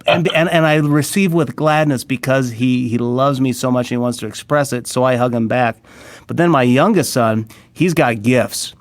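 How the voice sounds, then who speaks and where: A man's voice: mid-range voice, normal speed, dry recording. A man in his thirties hosts a faith-based interview with earnest enthusiasm. His mid-range voice sounds dry and close, with no room around it. He tends to repeat words as he works his way into a thought. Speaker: pastor and interviewer. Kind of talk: casual interview conversation.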